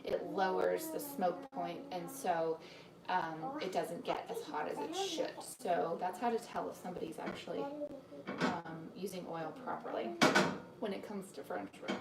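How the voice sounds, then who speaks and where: A woman's voice: lowish voice, animated, measured pace, creaky, echoey room, far from the mic, over a noisy crowd. A woman hosting a live cooking demonstration from her home kitchen, chatting to viewers and greeting them by name as she explains each step. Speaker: cooking demo host and cookbook author.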